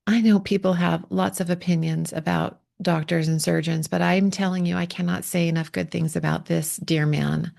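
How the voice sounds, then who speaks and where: Gravelly-voiced woman coach, heartfelt and emotional. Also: on the low side. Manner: heartfelt, emotional, pausing to steady herself. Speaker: relationship coach. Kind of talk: personal podcast monologue.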